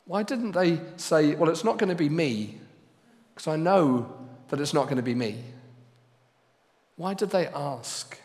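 A man preaching a sermon as pastor, speaking slowly and deliberately and pressing hard on key words. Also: a little high, expressive, big-room sound. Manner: slow and deliberate, with loud emphatic stresses.

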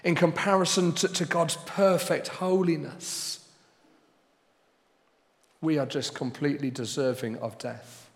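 Slow, deliberate preacher in a reverberant hall. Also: male voice, a little high, steady tone. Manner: slow and deliberate, with loud emphatic stresses. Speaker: pastor. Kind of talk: sermon.

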